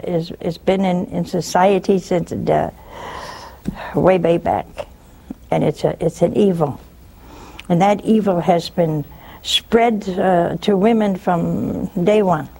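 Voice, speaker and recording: An older woman hosting a religious call-in show, talking in an animated, scolding way with mocking asides. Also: vocal fry, husky. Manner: animated, scolding and mocking with sudden pitch jumps.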